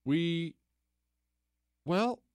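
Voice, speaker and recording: A man's voice: on the high side, lively intonation, extremely slow, darkish tone, clean tone, no echo. A man hosting a talk radio show, delivering a sarcastic political commentary monologue with mocking repetition and incredulous outbursts.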